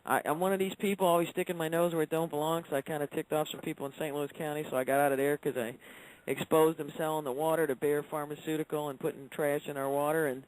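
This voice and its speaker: A man's voice: a little high, flat delivery, quick pace, poor audio. A man calling in to a radio chat, talking earnestly and rambling with many fillers. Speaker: caller. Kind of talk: casual call-in chat.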